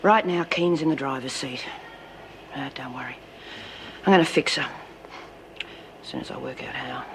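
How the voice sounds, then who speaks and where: An actress playing a shrewd, embittered former inmate leader, blunt and weary. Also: female voice, a bass voice, normal speed, long pauses, noisy background. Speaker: prison inmate.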